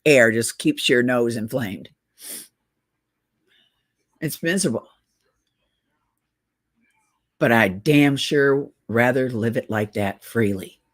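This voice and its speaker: With an extremely low pitch, she takes it slowly and leaves long pauses. The speaker is a middle-aged woman on oxygen, a political video blogger who, short of breath, rants urgently and conspiratorially to camera while calling her viewers guys.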